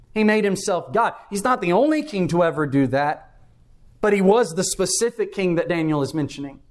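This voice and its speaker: High-voiced man preaching a sermon. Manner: emphatic expository preaching, quoting scripture.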